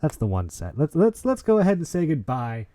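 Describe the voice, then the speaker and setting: Guy hosting a game podcast, mellow voice, jokey and hyped, real dry sound. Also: a little high, brisk, dry recording. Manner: excitable, jokey, trailing restarts. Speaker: podcast host. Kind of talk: casual podcast chat and wrap-up.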